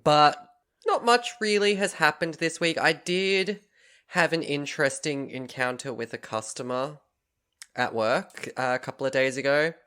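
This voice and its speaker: A woman co-hosting a podcast, telling relaxed stories in casual chat. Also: low voice, measured pace, clear, resonant tone. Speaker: podcast co-host.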